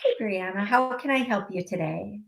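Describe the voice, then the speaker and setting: Hosting a psychic call-in radio show, a woman delivers readings at a moderate pace in a creaky, mid-range voice, the room echoing around her. She gives direct warnings over and over and breaks into fits of giggles.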